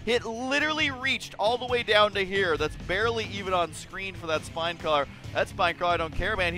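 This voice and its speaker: A man giving jokey, excitable game commentary that often jumps into high-pitched shouts. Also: brisk, hardly any pauses, soft background music. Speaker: esports caster.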